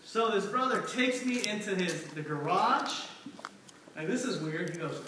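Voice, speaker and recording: High-voiced man preaching in an echoey hall. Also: lively intonation, measured pace, noisy background. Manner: conversational, asks the room for responses. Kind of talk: sermon. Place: church hall with congregation. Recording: echoey church hall from far off.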